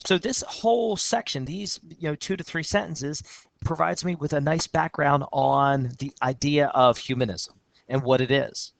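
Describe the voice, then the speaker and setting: A man's voice: fairly high pitch, moderate pace, gravelly, no echo. A male teacher walks through a student essay in a recorded lesson, reading passages aloud and commenting with upbeat energy. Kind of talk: recorded lesson with screen walkthrough.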